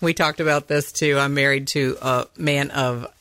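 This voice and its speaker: Middle-aged woman host with a low voice, giggles a lot, playful casual chat, dry close sound. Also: steady tone, moderate pace, a bit bright, no room sound. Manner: giggly, playful, laughs often. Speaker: podcast host.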